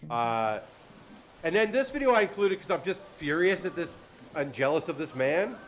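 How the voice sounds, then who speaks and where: Animated man hosting a comedy panel. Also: on the high side, normal speed, noisy background. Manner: animated, laughing, self-deprecating. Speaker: host. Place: convention stage with audience. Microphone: handheld or stand mic.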